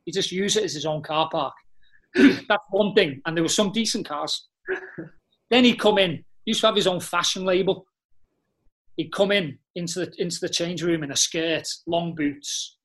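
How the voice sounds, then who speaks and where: A man tells animated, blunt dressing-room stories, full of slang and swearing. His voice sits a little high for a man. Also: moderate pace. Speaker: podcast guest, former footballer. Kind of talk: casual storytelling chat.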